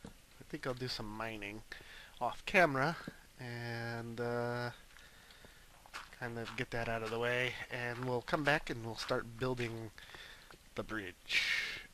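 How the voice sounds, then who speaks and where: A man's voice: mid-range voice, steady tone, takes it slowly, sharp tone, slight background noise. A man giving casual, rambling gameplay commentary as host, jokey and self-mocking, on a desk microphone at home. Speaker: let's play host.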